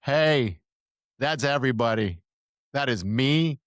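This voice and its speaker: A man's voice: mid-range voice, animated, takes it slowly, no echo, studio quality. Middle-aged man rambling in casual podcast chat. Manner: rambling, restarts and laughs often. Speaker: podcast co-host.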